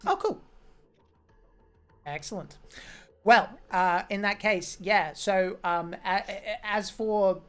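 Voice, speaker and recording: A woman narrating as game master of a tabletop game, describing scenes with many pauses and fillers. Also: medium pitch, expressive, smooth, soft background music.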